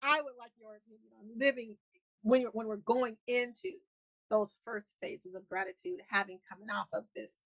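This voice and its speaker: Earnest, rambling woman with a high voice. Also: fairly even intonation, moderate pace, breathy edge, no room sound, highs cut off. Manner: earnest, rambling, restarts thoughts often. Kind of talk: casual faith-based conversation.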